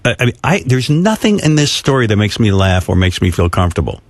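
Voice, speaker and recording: A man's voice: lowish voice, big pitch swings, quick pace, dry recording. A man radio host ranting bluntly with heavy profanity and scorn. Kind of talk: talk show rant.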